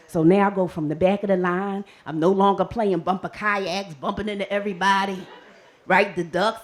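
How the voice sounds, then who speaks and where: Animated woman telling a comic story. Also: fairly high pitch. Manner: animated and comic, acts out her own panicked voice. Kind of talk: live storytelling performance. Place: stage before a live audience.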